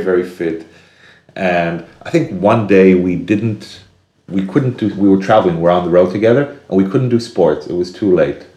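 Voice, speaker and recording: A deep-voiced man talks in an earnest, reflective way, thinking aloud in casual conversation. His low voice carries a noticeable room echo. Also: mellow. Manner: earnest, acts out inner voices with sudden high bursts.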